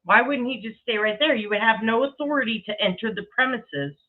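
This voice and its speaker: A woman's voice: fairly high pitch, animated, brisk. A woman giving blunt, skeptical reaction commentary. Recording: tinny phone-like audio.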